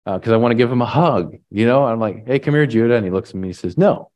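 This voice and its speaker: A man preaching a sermon in a relaxed, conversational way, often tagging on "right?" and pausing with fillers. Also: on the low side, highs cut off. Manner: halting restarts and fillers. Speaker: pastor.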